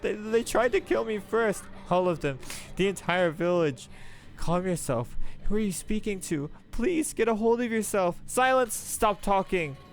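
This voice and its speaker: A tormented young man who believes he is a monster, as a man reads him aloud. His voice sits high and strained, frantic and pleading, with soft music underneath. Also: fairly even intonation, normal speed, natural voice. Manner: anguished, panicked, pleading.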